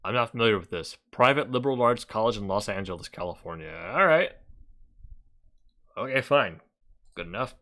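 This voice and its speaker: Male reaction host: casual, mocking, lively pitch, bright edge. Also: a little fast, pauses often. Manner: sarcastic, animated, swearing, laughs often. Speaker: commentary video host.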